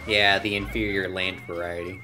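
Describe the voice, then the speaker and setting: A man playing a video game and commenting casually, making relaxed, dry remarks. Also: deep voice, moderate pace, music in the background. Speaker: let's play player.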